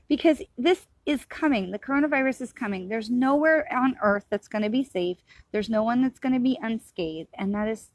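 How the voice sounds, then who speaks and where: Middle-aged woman psychic, earnest reassuring ramble, mid-pitched, dry. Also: dry recording. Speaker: psychic medium. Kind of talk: casual spiritual talk to camera.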